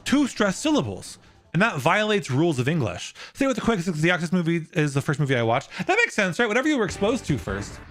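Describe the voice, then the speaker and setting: A man's voice: fairly high pitch, a bit bright. A young man streaming live, casually explaining a topic and answering his viewers' chat.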